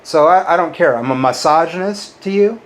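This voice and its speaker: A man ranting bitterly at his critics in a to-camera monologue, swearing often, jumping up when riled and dropping low and quiet on insults. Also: animated, normal speed. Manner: bitter, combative, swears a lot. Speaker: YouTuber.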